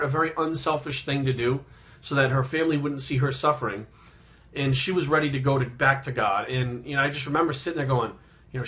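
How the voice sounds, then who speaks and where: A fitness vlogger in his thirties tells a personal story, rambling and halting as he goes, subdued and reflective, and swearing often. His voice is mid-range with a sharp tone.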